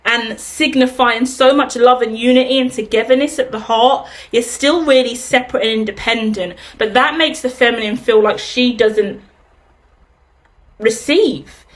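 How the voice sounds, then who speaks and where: A woman giving an intuitive tarot reading in a rambling, casual way, swearing now and then. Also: a little high. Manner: rambling, casual swearing, laughs at own tangents. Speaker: tarot reader.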